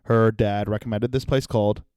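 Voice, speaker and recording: A young man from Florida, a comedian hosting his own podcast, ranting in a loud, profane, animated way and acting out little voices. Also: fairly low pitch, normal speed, clean tone, no room sound. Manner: animated, profane, yelling rant with acted-out voices. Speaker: comedian host.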